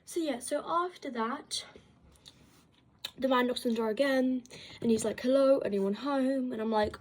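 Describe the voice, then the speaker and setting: In a fairly high voice at a moderate pace, a woman casually recounts a story. She rambles and fills it with "like," bringing quoted lines to life as a storytime vlogger.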